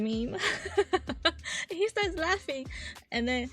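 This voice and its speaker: A woman's voice: high-pitched, big pitch swings, measured pace, pauses often, fairly bright tone, soft background music. A young woman streamer in casual chat, telling a story with lots of giggles and quoting the people she talks about.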